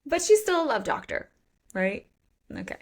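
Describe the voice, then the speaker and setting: A woman in her thirties co-hosting a casual book podcast, animated and acting out characters' lines. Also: high-pitched, normal speed, creaky. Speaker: podcast co-host.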